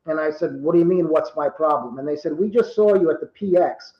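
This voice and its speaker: A man in his fifties from Rhode Island, telling true stories in casual talk and acting out the quoted dialogue with lively energy. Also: fairly high pitch, a little fast, roomy sound, lo-fi sound. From Rhode Island, USA. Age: 50s. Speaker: guest. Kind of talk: casual storytelling.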